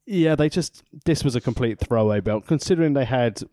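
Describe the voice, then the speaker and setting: A man's voice: mid-range voice, expressive, warm tone, no room sound, clean studio sound. A man co-hosting a podcast from home, chatting wryly and laughing easily. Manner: chatty, wry, quick to laugh. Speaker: podcast co-host. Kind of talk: casual chat recapping a wrestling show. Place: home, near the kitchen.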